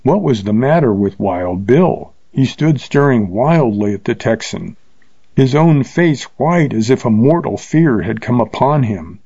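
A man reads an old Western adventure aloud at a steady, measured pace. His tone is mellow and warm, the recording is dry with no room echo, and the sound is a little dull. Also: medium pitch, gravelly, slightly rough. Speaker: narrator. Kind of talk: audiobook narration.

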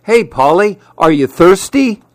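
Brief: a man doing a little show-off chameleon for a storybook, higher and louder than his own voice, eager for attention. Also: expressive, a little slow, dry recording, studio quality. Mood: pleading. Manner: eager, attention-seeking calls. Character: small friendly show-off male chameleon.

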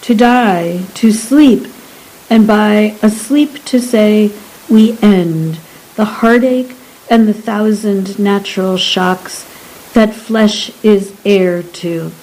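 A woman's voice: mid-range voice, takes it slowly, a little mellow, natural voice, poor audio. A woman voicing a pompous sixteenth-century male sorcerer who speaks in archaic, haughty phrases. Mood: stately. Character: pompous 16th-century male astrologer Bretnor.

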